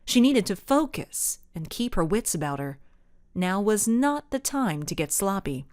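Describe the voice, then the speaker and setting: Expressive woman narrating a storybook. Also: mid-range voice, measured pace, no echo, studio quality. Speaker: audiobook narrator. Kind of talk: scripted narration.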